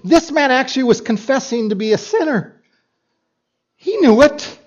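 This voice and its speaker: A man's voice: extremely high pitch, expressive, normal speed. A man preaching a sermon as pastor, reading scripture and making emphatic points with repeats and asides to the congregation. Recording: dull lo-fi recording.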